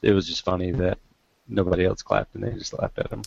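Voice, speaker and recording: A man chatting casually about movies, relaxed and filling his talk with "like". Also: low-pitched, fairly quick, vocal fry, no echo, lo-fi sound. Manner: relaxed, says "like" a lot.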